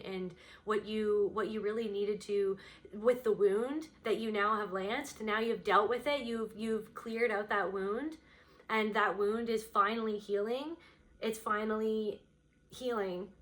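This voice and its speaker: A woman's voice: on the high side, fairly bright tone. A woman giving an unscripted pick-a-card reading, speaking in a meandering, intuitive way and voicing her impressions as they come. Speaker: tarot card reader.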